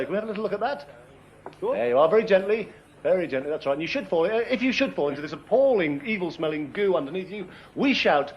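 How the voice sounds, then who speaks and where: A man's voice: high-pitched, very animated, fast, a faint crowd. A man hosting a comic quiz show in front of a live audience, mock-insulting and flustered, ad-libbing as he goes. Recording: lo-fi 1980s TV broadcast, loud studio audience and noise.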